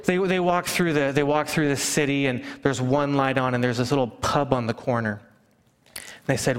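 A man preaching a sermon, telling stories and acting out hushed family chatter. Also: mid-range voice, moderate pace. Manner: animated storyteller, acts out hushing relatives. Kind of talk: sermon with storytelling. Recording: long hall reverb.

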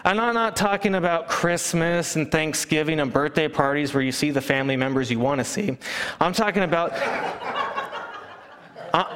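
A man preaching a sermon, telling stories and acting out hushed family chatter. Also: a little high. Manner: animated storyteller, acts out hushing relatives. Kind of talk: sermon with storytelling. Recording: long hall reverb.

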